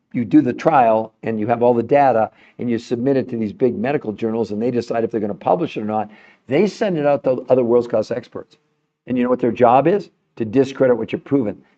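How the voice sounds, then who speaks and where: A man's voice: mid-range voice, warm tone. Insistent man with a strained voice. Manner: emphatic, insistent, repeats words. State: straining his voice. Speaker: podcast host. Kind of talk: impassioned livestream talk to viewers. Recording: dull lo-fi sound.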